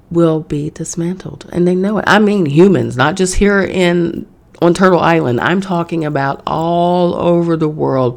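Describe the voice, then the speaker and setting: Woman podcaster, gravelly, blunt and sweary, casual spiritual rant from home. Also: fairly low pitch, darkish tone. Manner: blunt, profane, conversational. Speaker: podcast host. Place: home in New York.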